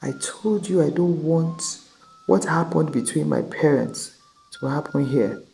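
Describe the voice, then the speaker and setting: A woman's voice: sits low, measured pace, creaky, warm tone, slight background noise, poor audio. A woman voicing an angry, wounded young husband. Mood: pleading. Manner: demanding, pleading.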